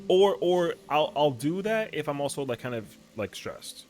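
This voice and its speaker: A man game streamer in casual stream chat, slangy and animated, saying yo and bro a lot. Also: medium pitch, fairly quick, hardly any pauses, soft background music.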